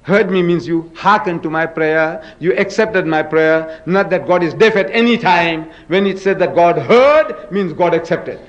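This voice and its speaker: On a lo-fi recording, a high-pitched man talks at a measured pace with hardly any pauses. He's a religious debate speaker giving an emphatic public lecture, dramatic in manner, posing rhetorical questions to the audience and acting out scripture.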